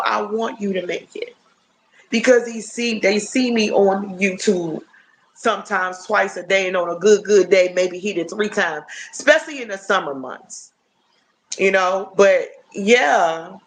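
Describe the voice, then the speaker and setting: A woman in her fifties chatting casually and warmly to her viewers on a phone livestream, often checking in with "you know what I'm saying?". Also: mid-range voice, slight background noise. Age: 50s. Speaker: livestream host.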